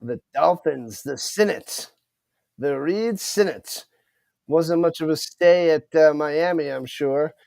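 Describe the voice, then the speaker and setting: There is no room sound around this man's creaky, slightly high voice, which moves slowly. He streams excited live commentary on a football game, talking to his chat and fumbling names of players he doesn't know.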